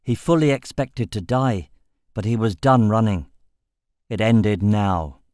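A man narrating a fantasy audiobook in a steady, measured storytelling voice. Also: on the low side, dry recording, clean studio sound.

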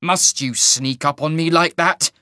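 A man voicing a bitter, sharp-tongued male half-mage who speaks in a snarling, sardonic way. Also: mid-range voice, animated, moderate pace, no echo, clean studio sound, voice pushed up. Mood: irritable.

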